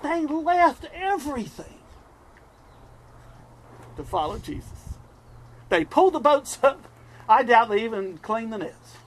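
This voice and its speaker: High-voiced storytelling male preacher. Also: moderate pace. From US East Coast. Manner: storytelling, animated, chuckles often. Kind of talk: sermon.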